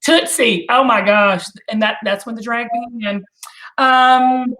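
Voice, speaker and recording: A woman's voice: a little high, steady tone, a little slow, a bit bright. A middle-aged woman hosting a casual live chat, gushing and exclamatory, now and then breaking into song. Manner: gushing, exclamatory, bursts into singing. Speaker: host.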